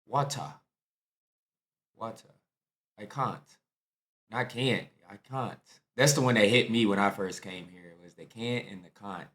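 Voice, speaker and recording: A man's voice: fairly low pitch, moderate pace, a bit bright. A man giving loose, slangy, incredulous commentary on videos he watches. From United States. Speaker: reaction video host. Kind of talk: casual reaction commentary.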